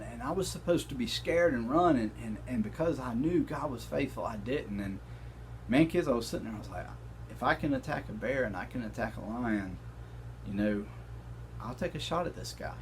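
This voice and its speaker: A modest young shepherd, voiced by a man, quietly recalls his story for his children. He speaks softly and earnestly, in plain words, and never brags. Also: mid-range voice, slight background noise, close to an everyday voice.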